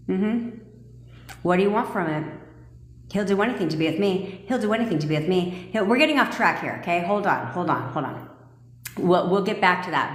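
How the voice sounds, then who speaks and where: A woman coaching viewers on a live stream, blunt, profane and commanding, joking with her audience. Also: on the low side. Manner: laughs and jokes with viewers. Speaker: manifestation coach. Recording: echoey room with long reverb.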